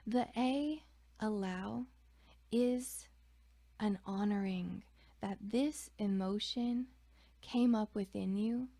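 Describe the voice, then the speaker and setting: A woman leads a slow, gentle guided reflection on feelings in the body. Her voice is mellow with a gravelly edge, and she often sinks to a soft whisper. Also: mid-range voice, no echo. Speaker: emotional wellness teacher.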